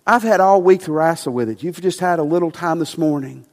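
Male pastor, sermon delivery, emphatic, a little high voice, reverberant sanctuary. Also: fairly quick. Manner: emphatic, rising to passionate preaching then dropping soft. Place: church sanctuary.

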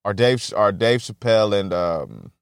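A man's voice: on the low side, normal speed, vocal fry, smooth, dry recording, clean studio sound. A young man in a casual rambling monologue, telling profane stories with frequent laughter. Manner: profane, laughing, animated storytelling.

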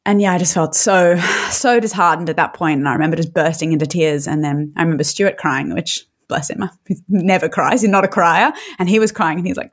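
Woman, low voice, podcast guest, candid personal storytelling, emotional, frequent restarts. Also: a little fast.

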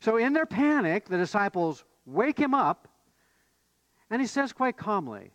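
A man's voice: high voice, a little slow, dry recording, dull audio. Man preaching a sermon. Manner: conversational, with fillers and restarts, animated when voicing the disciples. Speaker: pastor.

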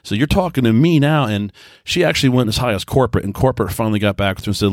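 A man hosting a podcast, telling a long casual story in a rambling, chatty way, full of restarts, easygoing and mellow. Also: medium pitch, very fast, dry recording, studio quality. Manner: easygoing, self-described mellow. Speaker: podcast host. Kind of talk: casual monologue.

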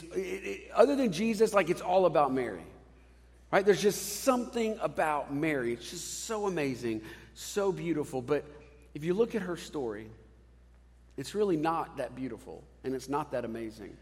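A man in his thirties, a pastor, preaching a sermon in a conversational, animated way with casual asides. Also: a little high, long reverb tail.

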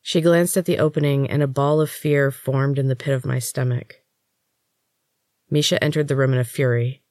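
A woman, the author and host, narrating her book in the first person with steady, measured storytelling. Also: low-pitched, dry recording, clean studio sound.

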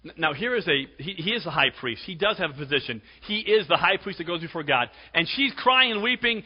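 A male pastor preaching a sermon, emphatic, swinging between loud exhortation and hushed tones. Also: on the high side, lively intonation, a little fast, husky. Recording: dull lo-fi recording with long hall reverb.

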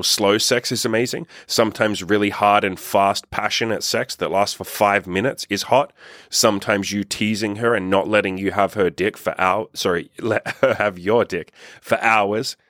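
A man's voice: lowish voice, steady tone, normal speed, a bit bright, no echo, studio quality. A man talking as a dating coach, giving blunt, profane, emphatic advice straight to his viewers. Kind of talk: direct-to-camera advice monologue.

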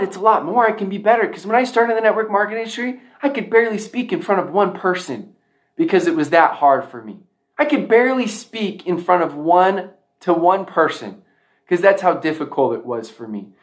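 A man giving a motivational speech to a sales audience, emphatic, often repeating key lines for effect. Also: high-pitched. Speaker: motivational speaker.

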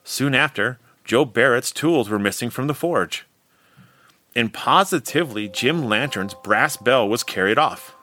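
A man narrating a Victorian ghost story in a measured, expressive storytelling manner. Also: medium pitch.

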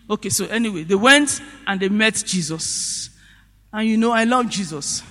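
A man preaches with a high, bright, forceful voice, telling a story and firing rhetorical questions. His emphasis swells in sudden bursts. The sound rings with the long reverb of a large church hall. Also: normal speed. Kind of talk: sermon.

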